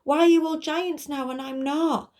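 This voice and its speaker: A woman voicing a lost, weepy young giant girl in a high plaintive voice. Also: fairly even intonation, moderate pace, a little mellow, recorded from a distance, natural voice. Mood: bewildered.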